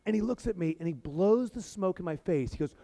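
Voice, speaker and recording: A middle-aged man speaking from a stage, telling an energetic comic story and acting out voices as a keynote speaker. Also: high voice, a little fast. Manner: animated, acts out voices for comic effect. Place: stage before a live audience.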